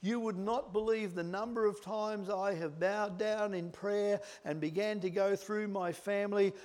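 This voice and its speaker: A middle-aged male preacher giving a sermon, swinging from loud emphatic lines to hushed whispered words. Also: sits high.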